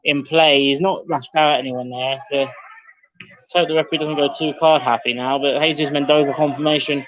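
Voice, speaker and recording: A man's voice: fairly high pitch, steady tone, normal speed, fairly bright tone, slight background noise. A man doing live play-by-play football commentary for a club stream, calling out player names and lifting his voice with the action. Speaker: match commentator for the club's livestream. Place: outdoor football ground under floodlights. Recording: dull lo-fi livestream audio.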